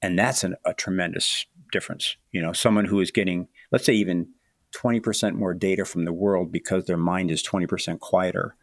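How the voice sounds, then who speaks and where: Deep gravelly man, thoughtful and halting. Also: steady tone, dry recording, clean studio sound. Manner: thoughtful, halting, many restarts and "you know"s. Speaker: author guest. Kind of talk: reflective interview talk.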